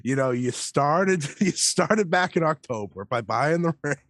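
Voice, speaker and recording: A man's voice: a little high, animated, a little slow, a bit bright, no room sound. A man co-hosting a podcast who is sick, making dry, teasing quips in casual chat. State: sick, coughing. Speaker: podcast co-host.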